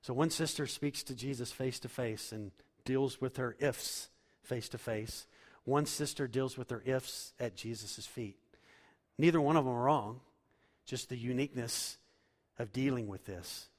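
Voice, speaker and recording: A man's voice: medium pitch, measured pace. Preaching man in a reverberant hall. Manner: preaching from scripture, builds to loud emphatic passages. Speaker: pastor. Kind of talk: sermon.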